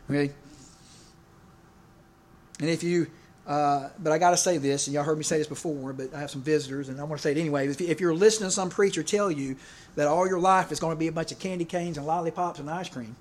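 A man, preaching a casual, conversational sermon in a church, often stopping to ask "okay?" and "all right?". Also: fairly high pitch. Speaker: preacher and teacher.

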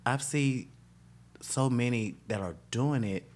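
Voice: medium pitch, slow, darkish tone. Earnest podcast guest giving advice. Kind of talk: casual chat.

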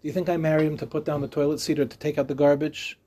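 A man quoting a hurt wife who asks pointed questions, a little quieter than his usual talk. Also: a little high, little pitch movement, very fast, pitched below the performer's own voice, close to an everyday voice. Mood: reproachful. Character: hurt wife confronting a rabbi.

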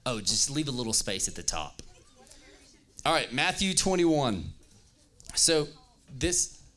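A man's voice: medium pitch, very animated, slow, sharp tone. A man preaching as pastor, reading scripture aloud and joking playfully with his audience. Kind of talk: lively youth-service sermon with scripture reading.

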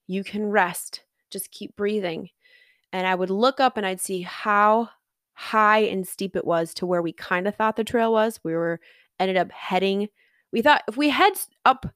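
A woman's voice: mid-range voice, dry recording. An earnest woman tells a personal story in a casual, reflective way, laughing lightly here and there. Her voice sits in an ordinary middle range for a woman. The sound is dry and close, with no room around it. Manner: earnest, reflective, self-encouraging, laughs often. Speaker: storyteller recounting a hike.

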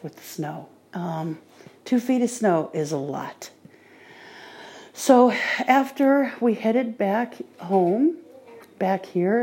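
A woman talking on her own podcast in a casual monologue, calmly recounting her day. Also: on the low side. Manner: relaxed diary-like recounting. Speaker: podcaster training with a guide dog.

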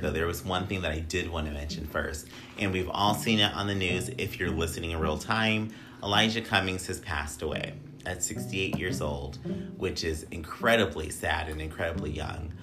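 A man hosting a casual podcast, chatty and playful, swearing freely. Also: sits low. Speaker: podcast host.

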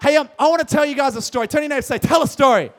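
A young Australian man, a youth pastor, hosting a youth service in a big hall, hyped and jokey, often shouting out to the crowd. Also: extremely high pitch, rapid-fire. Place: large hall with live audience.

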